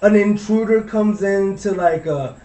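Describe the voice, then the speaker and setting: Young man from Laredo, rambling and profane, a high voice; distant mic with faint hiss. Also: unhurried, mellow, reverberant. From Laredo, Texas. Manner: rambling, profane, trails off into mumbles. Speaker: podcast co-host telling a story. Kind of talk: casual storytelling.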